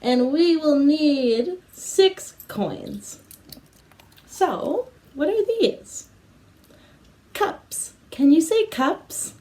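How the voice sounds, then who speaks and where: A woman teacher at home, giving a slow English lesson for children with repeat-after-me prompts. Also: sits high, expressive, mellow, rough recording. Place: home apartment.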